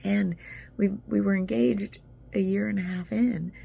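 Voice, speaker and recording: Casting note: woman vlogger, very gravelly, mellow tone, emotional and rambling, faint room noise. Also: mid-range voice, steady tone, unhurried. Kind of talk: casual video journal.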